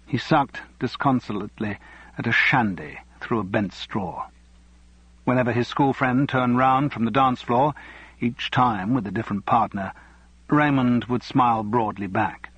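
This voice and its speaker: A man reading a novel aloud as narrator, in a measured, even way. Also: mid-range voice, breathy edge, no room sound, highs cut off. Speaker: audiobook narrator. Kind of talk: scripted narration.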